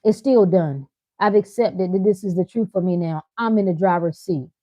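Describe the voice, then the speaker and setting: A woman's voice: lowish voice, moderate pace, mellow, no echo. A woman hosting a spiritual livestream, talking in an emphatic, preacherly, colloquial way and repeating her lines for effect. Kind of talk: motivational livestream talk.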